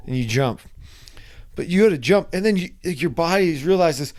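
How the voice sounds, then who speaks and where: A young man casually telling a personal story, animated and acting out his own reactions. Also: a little high, normal speed. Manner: animated, acts out his own screams and quotes.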